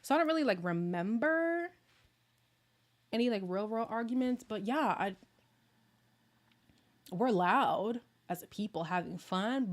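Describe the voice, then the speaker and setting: A woman vlogger in casual live chat with her viewers, chatty and animated, sometimes dropping to hushed asides. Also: fairly high pitch, a little slow, long pauses. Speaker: vlogger answering viewer comments.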